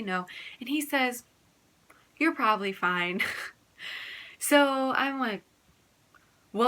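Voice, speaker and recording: A woman's voice: medium pitch, sharp tone. A young woman retelling her birth story in a casual, rambling way, full of "like" and quoted dialogue. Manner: fast, filler-heavy retelling with quoted dialogue.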